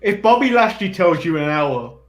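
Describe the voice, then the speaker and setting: A man with a fairly high voice chatting casually on a wrestling podcast. He stumbles over his openings, repeating words before he gets going, and chuckles along with the others. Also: big pitch swings, normal speed. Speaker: podcast co-host. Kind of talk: casual chat.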